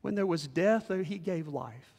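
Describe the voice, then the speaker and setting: Man, pastor, sermon delivery, fairly high voice, hushed to shouting, long church reverb. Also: normal speed, creaky, breathy edge. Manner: animated, swings from hushed to shouting. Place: church sanctuary.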